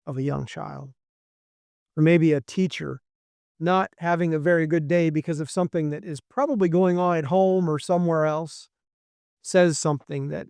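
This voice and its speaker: A man preaching a sermon as pastor, in a slow, measured delivery with frequent pauses. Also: on the high side, vocal fry, darkish tone, dry recording, clean studio sound.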